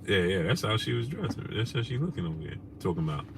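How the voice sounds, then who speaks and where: A man hosting a casual live stream, shouting out viewers by name in loose slangy talk. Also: on the low side, sing-song, fast, gravelly, noisy background. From New York. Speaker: host. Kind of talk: casual live-stream chat, reading super chats.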